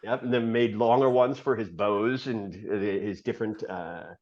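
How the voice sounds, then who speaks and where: A man guest on a podcast telling a rambling story in a casual way, full of "uh"s and quick laughs. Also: lowish voice, steady tone, a little mellow, muffled recording. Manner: rambling, filler-heavy, laughs often mid-story.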